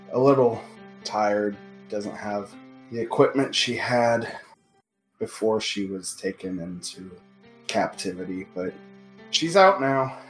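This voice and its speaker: A man's voice: on the low side, reverberant, rough recording. A man narrating a tabletop game as game master, rambling and casual with lots of filler.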